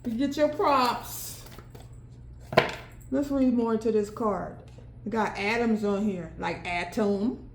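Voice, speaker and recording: A woman with a high voice reads tarot cards at an unhurried pace, musing aloud as she goes. She often bursts into exclamations and laughs. Her voice echoes in a roomy space, with faint ambience behind it. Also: a little hiss or hum. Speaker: tarot reader. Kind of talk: solo tarot card reading.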